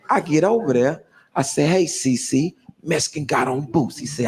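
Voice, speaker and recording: A man's voice: medium pitch, unhurried. A man telling a stand-up comedy story, voicing the people in it and laughing through his lines. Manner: animated, voices other inmates, laughs through lines.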